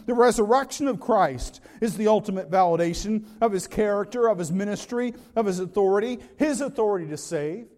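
A pastor delivering a sermon, swinging between loud emphatic lists and quiet, low asides. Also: male voice, big-room sound. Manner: preaching with dramatic rises and drops, repetitive emphatic lists.

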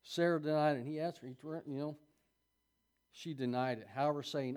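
Folksy preacher man, slightly high voice. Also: fairly quick, darkish tone, smooth. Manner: folksy, laughs often, asides to the congregation. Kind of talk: sermon reading and commenting on scripture.

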